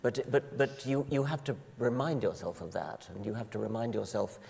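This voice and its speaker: Gravelly man explaining on a hall stage. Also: medium pitch, animated, normal speed, hardly any pauses, darkish tone. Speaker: guest speaker. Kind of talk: onstage conversation. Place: large auditorium with audience. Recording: long reverb of a large hall.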